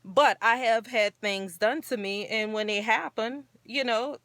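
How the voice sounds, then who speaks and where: A woman who is an adult parent hosts her own talk show, her slightly high, somewhat bright voice unhurried and free of room sound. She speaks in an earnest, encouraging, casually rambling way.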